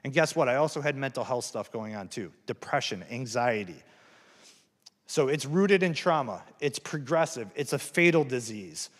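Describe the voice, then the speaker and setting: Medium-pitched and lively in intonation, this man speaks at normal speed amid hall reverb. He shares his recovery story at a campus event, earnestly and frankly, poking fun at himself in plain language.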